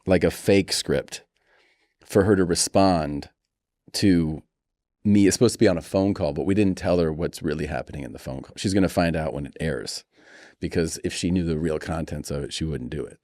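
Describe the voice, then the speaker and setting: A man's voice: very deep voice, normal speed, no echo, studio quality. A man in his forties telling funny family stories as a podcast guest, acting out quoted voices as he goes. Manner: animated storyteller, acts out quoted voices. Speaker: comedian guest. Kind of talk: casual storytelling interview.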